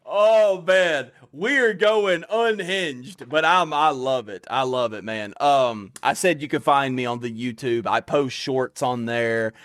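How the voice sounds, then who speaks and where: A man's voice: mid-range voice, takes it slowly, few pauses, fairly bright tone, dry recording, clean studio sound. A man with a Southern accent hosting a casual podcast, talking loosely with lots of laughs and folksy fillers. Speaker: podcast host.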